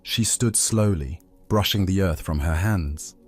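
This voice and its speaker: A man telling a Zen story as scripted narration for sleep, in a slow, soothing, even way. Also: sits low, slightly rough. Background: faint music.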